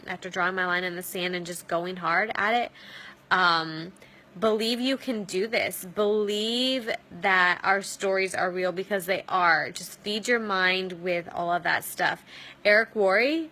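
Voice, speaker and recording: A woman's voice: medium pitch, sharp tone. A woman giving an upbeat motivational talk to her sales team, coaching with many ums. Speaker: network marketing team leader.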